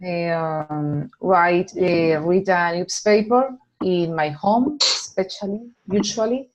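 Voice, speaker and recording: A woman's voice: fairly low pitch, slow pace, muffled recording. A woman, an adult student answering in English, hesitant and searching for words.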